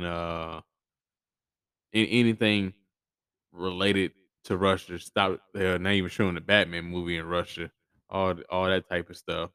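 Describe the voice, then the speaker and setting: A man speaks in a low, smooth, resonant voice. He hosts a casual solo podcast, blunt and profane, often stammering and restarting his sentences. The sound is dry and close to the mic. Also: a bit bright, no room sound. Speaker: podcast host.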